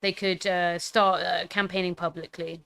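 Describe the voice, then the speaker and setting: A woman's voice: on the low side, flat delivery, normal speed, a bit bright. A woman casually commenting on a historical film, rambling with fillers and the odd swear word. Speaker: political commentary streamer.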